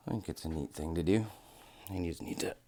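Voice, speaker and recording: Hosting a watch modding video, a man chats casually and rambles to himself as he works, making self-deprecating remarks. His voice is extremely low-pitched, mellow, and a little fast.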